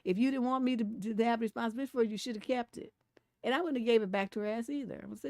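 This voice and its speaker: A middle-aged woman hosting a livestream advice show, talking bluntly and profanely, swinging from mellow to heated and laughing between points. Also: on the high side, very fast, dry recording, clean studio sound. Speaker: relationship coach hosting a livestream. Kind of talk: casual livestream advice talk.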